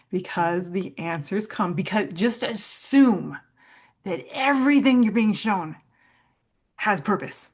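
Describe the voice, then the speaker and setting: A woman with a middle-pitched voice joins a spiritual discussion. She speaks in an affirming, emphatic way about her own experience. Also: animated, slow. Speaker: co-host.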